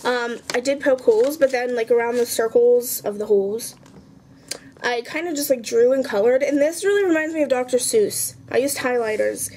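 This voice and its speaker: Chatty high-voiced young woman. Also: normal speed, darkish tone, slight background noise. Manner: chatty, rambling, self-mocking. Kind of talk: casual show-and-tell vlog.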